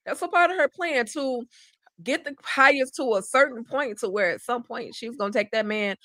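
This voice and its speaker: Sassy woman with higher voice. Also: normal speed, sharp tone, no echo. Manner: frank, sassy commentary with asides. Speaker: co-host. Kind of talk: casual TV recap chat.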